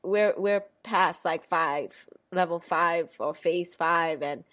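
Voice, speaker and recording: A woman's voice: fairly low pitch, slow, fairly bright tone. Teasing young woman podcast co-host. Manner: teasing, laughs through her stories. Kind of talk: casual chat.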